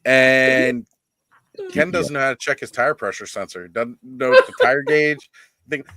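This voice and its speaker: A man hosting a casual live-stream chat, telling a funny story in an animated way and laughing as he goes, over a video call. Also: mid-range voice, unhurried, very noisy. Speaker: host of a toy-collecting live stream.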